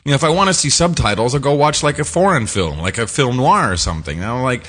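A man's voice: mid-range voice, sing-song, fast talker, few pauses, fairly bright tone, slightly rough. A man co-hosting a casual podcast, rambling through a film recap with fillers, restarts and laughs. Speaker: podcast co-host. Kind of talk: casual chat.

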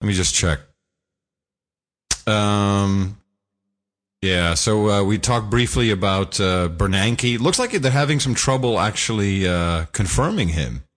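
A man co-hosting a talk podcast in loose, joking banter. His pitch moves around a lot, tossing quick asides. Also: lively intonation, a bit bright. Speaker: podcast co-host. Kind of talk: casual chat.

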